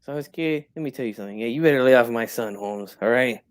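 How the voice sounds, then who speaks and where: A man's voice: mid-range voice, quick pace, smooth, close to an everyday voice. A man playing a proud, touchy old-school boxing father who tags his lines with slang like "eh" and "Holmes". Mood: boastful. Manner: streetwise slang, tags every line with "eh" and "Holmes". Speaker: guest in character.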